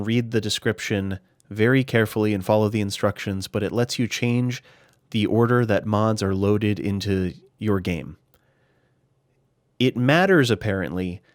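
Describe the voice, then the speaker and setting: A man with a lowish voice talks casually over a game, as if he were at his desk. He is chatty and relaxed, restarts his sentences and leans on filler words. The recording is dry and close, with no room sound. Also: no echo. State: slightly out of breath. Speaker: gaming YouTuber. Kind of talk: casual screen-recorded tutorial commentary.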